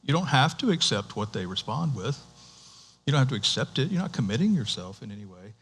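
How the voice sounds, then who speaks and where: A male pastor giving a sermon in a conversational, animated way, with restarts and rhetorical questions to the congregation. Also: mid-range voice, fairly quick, slightly rough. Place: church.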